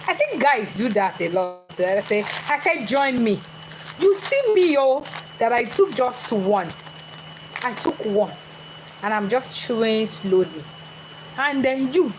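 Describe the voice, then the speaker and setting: A woman's voice: sits high, background noise. A woman giving a chatty motivational talk, questioning her live audience directly. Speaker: motivational speaker.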